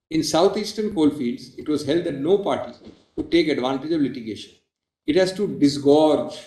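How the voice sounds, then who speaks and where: A man with an Indian English accent, a senior advocate making a formal, emphatic legal argument in court, often pausing on "well, as". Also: fairly high pitch, a little mellow. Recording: echoey courtroom audio.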